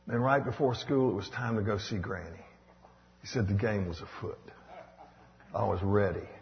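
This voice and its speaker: A man preaching a sermon, swinging between loud bursts and hushed asides. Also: on the low side, normal speed, creaky, a little hiss or hum. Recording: dull echoey hall recording.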